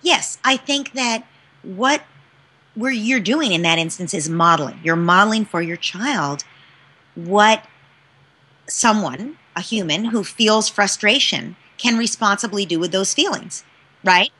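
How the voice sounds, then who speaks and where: Bright-voiced woman explaining parenting stuff, emphatic and expressive. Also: medium pitch, measured pace, slightly rough. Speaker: parenting expert guest. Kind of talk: interview answers.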